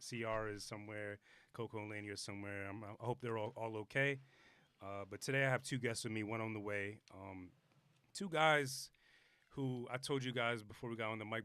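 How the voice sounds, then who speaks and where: A man's voice: lowish voice, fairly bright tone, clean tone, no room sound. A young man hosting a podcast, talking in a rambling, laid-back way with casual slang. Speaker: podcast host.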